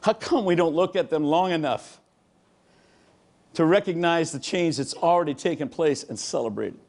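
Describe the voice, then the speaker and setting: Man, motivational keynote speaker, punchy storytelling with shouted bursts, high voice. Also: normal speed, vocal fry. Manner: animated, punchy, bursts into shouts and acted-out quotes. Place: large hall before a live audience.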